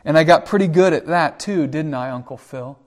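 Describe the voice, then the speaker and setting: Defiant abandoned teen boy, slightly high voice as a preacher quotes him. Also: a little fast, close to an everyday voice. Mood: bitter. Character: hurt teenage boy abandoned by his father.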